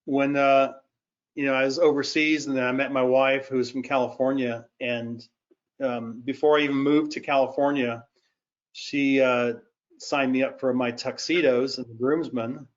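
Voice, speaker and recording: A man's voice: medium pitch, fairly even intonation, normal speed. A man on a call, casually telling a story in an easygoing way. His audio is muffled and lo-fi. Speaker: caller. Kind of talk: casual chat.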